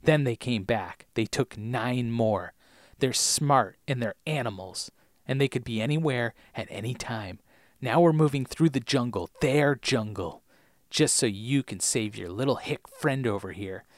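A hardened, grim woman delivers low, clipped warnings, as a man voices her. The delivery is subdued and measured, recorded close and dry. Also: animated, no room sound, natural voice.

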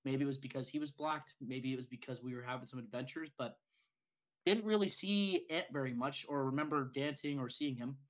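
Young guy rambling on a podcast, swears a lot, normal pitch. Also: a little fast, a bit bright, rough recording. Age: young adult. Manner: rambling storyteller, swears freely. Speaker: podcast co-host. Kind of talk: casual chat.

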